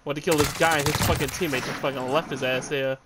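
A man giving live gameplay commentary, excitable and swearing, trash-talking the other players. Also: fairly high pitch, quick pace, heavy background noise. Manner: excitable, profane trash talk. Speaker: gamer. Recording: loud game gunfire and vehicles over voice. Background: shooter game gunfire and explosions.

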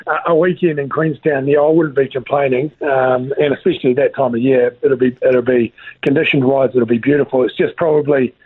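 A man's voice: medium pitch, steady tone, brisk, hardly any pauses, husky, no echo. New zealand man, laid-back rambling chat, tinny phone line, dry sound. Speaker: guest, former rugby player. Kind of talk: casual chat.

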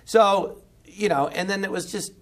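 A middle-aged man, a comedian, telling an animated anecdote in a podcast interview and acting out the voices. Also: high voice, measured pace. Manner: animated, acts out every voice, jumps to shouting when excited. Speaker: guest comedian.

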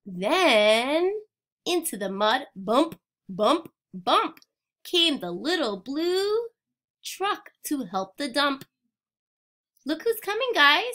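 Woman teacher, unhurried picture-book read-aloud, invites the kids to join in. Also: high-pitched, very animated, bright, forceful tone. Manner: interactive, prompting children to join in.

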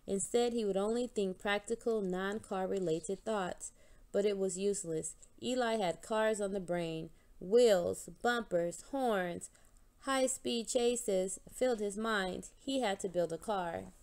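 A woman reading a children's picture book aloud with a steady, clear delivery. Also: medium pitch. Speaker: storybook reader.

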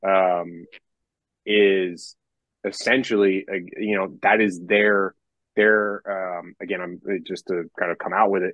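Low-voiced young man rambling about his music. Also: flat delivery, measured pace, fairly bright tone, no room sound. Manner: rambling, many restarts, swears casually. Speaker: metal musician and songwriter. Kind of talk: casual podcast conversation.

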